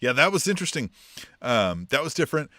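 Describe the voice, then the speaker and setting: A man's voice: mid-range voice, big pitch swings, fast talker, bright, forceful tone, no echo, clean studio sound. A man co-hosting a wrestling podcast in casual chat, swearing freely and acting out what people said in mock voices. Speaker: podcast co-host.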